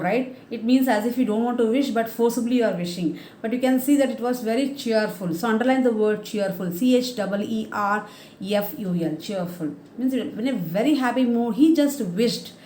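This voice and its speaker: A woman's voice: mellow, roomy sound, a little hiss or hum. A woman teaching a primary school lesson, explaining words simply and spelling them out for children. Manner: acts out characters' lines with raised pitch.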